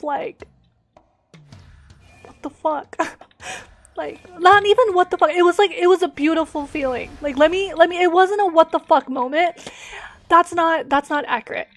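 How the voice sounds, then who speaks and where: A woman streamer telling a personal story with emotional swings, many fillers and restarts, and sudden loud moments. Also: high-pitched.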